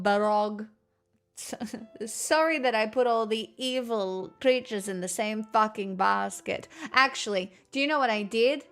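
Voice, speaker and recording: Slow, gravelly woman streamer in a put-on transatlantic accent. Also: medium pitch, a bit bright, soft background music. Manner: chatty, self-mocking, swears casually. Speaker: live streamer greeting chat. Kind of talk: casual live-stream chat.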